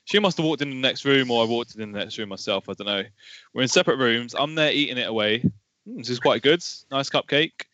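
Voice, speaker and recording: A man's voice: mid-range voice, lively intonation, fast, bright, forceful tone, no room sound, muffled recording. A man telling a self-mocking childhood story in casual chat.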